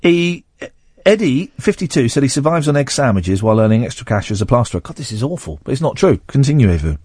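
Lively-voiced male radio host, teasing. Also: mid-range voice, quick pace, husky, no echo, studio quality. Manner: teasing, mock-outraged rants. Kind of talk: casual on-air banter.

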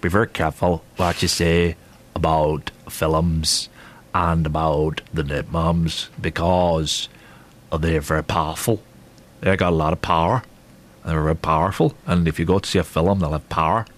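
A man imitating a solemn middle-aged male TV presenter who warns in a slow, grave, conspiratorial way. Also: very deep voice, fairly even intonation, pitched below the performer's own voice. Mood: grave warning.

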